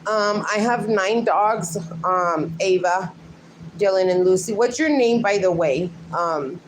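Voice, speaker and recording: A woman's voice: mid-range voice, slow. Chatty woman livestreaming at home, noisy. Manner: chatty, reads out and answers viewer comments; speaks fondly to her sleeping dogs. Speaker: livestream host. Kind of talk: casual livestream chat. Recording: noticeable background noise.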